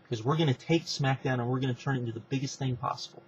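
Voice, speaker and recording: A persuasive middle-aged wrestling executive lays out his grand plan, in a scheming, smooth-talking manner, as a man retells it. His voice sits in a middle register. The recording is a little muffled, with faint noise behind. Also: mid-range voice, racing, close to an everyday voice. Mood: scheming pitch.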